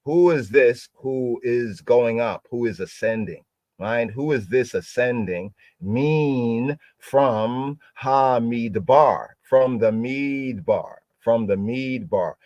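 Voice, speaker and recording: A man teaching a scripture word study on a podcast, repeating each word several times and sounding it out slowly. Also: medium pitch, a little mellow, dry recording, highs cut off. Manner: slow, repeats words and sounds them out. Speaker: religious teacher.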